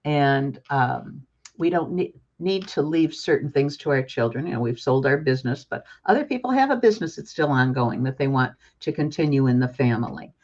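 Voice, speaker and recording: A woman's voice: a bass voice, lively intonation, normal speed, a little mellow, muffled recording. An older woman, a book author, speaking as a guest in a talk-show interview in an earnest, emphatic and openly emotional way.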